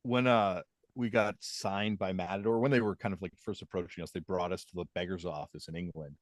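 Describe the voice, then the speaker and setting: Laid-back low-voiced man chatting. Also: fairly even intonation, a little fast, no echo, clean studio sound. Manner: laid-back storytelling with frequent fillers. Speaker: podcast co-host. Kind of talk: casual chat.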